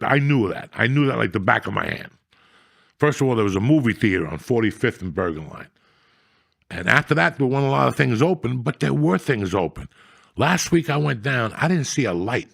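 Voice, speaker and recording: Gravelly man telling stories. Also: medium pitch, dry recording, clean studio sound. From New Jersey. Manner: profane, blunt, rambling storyteller. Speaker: storyteller guest. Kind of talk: casual storytelling chat.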